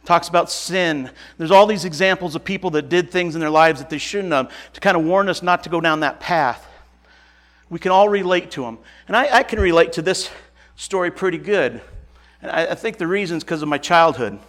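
A man from Nebraska preaches in a loose, folksy way, retelling a Bible story to his listeners. His voice sits a little high for a man, and he often restarts his sentences. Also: a little fast, a bit bright. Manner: casual and folksy, chuckles and self-corrects often.

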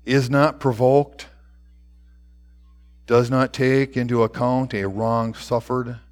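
Male preacher giving a sermon, slow and measured, phrases fade out soft. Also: medium pitch, flat delivery. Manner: slow, deliberate delivery with soft trailing phrase endings; reads scripture aloud.

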